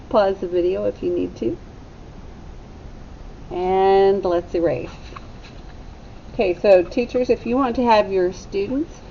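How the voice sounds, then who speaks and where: A woman teacher giving a phonics lesson to young children, sounding out letters slowly and deliberately. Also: gravelly, dark tone. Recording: slightly dull recording with faint rumble.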